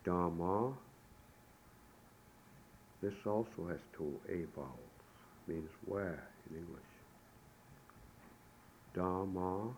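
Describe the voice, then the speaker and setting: A man giving a recorded language lesson, saying the sounds slowly and deliberately, one syllable at a time. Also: low-pitched, dark tone, rough recording. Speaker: language teacher. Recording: old tape recording with faint hiss.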